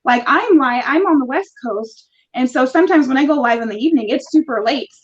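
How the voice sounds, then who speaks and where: A woman with a high voice answers questions on a live online show. She sounds friendly and easygoing. Her audio comes through dull and lo-fi, like a video call. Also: lively intonation, fairly quick. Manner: friendly, conversational, laughs easily. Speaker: guest, small business owner. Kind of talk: casual live interview.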